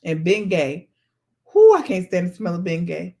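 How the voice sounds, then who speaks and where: A woman, hosting a casual chat and telling family stories in a lively way, now and then breaking into song. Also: on the low side, normal speed. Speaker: vlog host.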